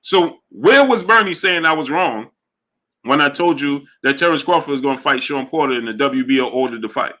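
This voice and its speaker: A man hosting a boxing livestream talks casually to his chat, animated and emphatic, and often repeats himself. His voice is mid-range and he speaks fairly quickly.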